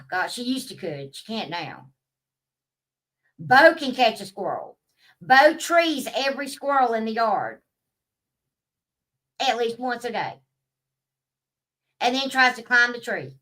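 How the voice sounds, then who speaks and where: Bright-voiced, profane woman vlogger. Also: fairly high pitch, distant mic. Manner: profane, blunt, rambling. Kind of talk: casual rant to camera.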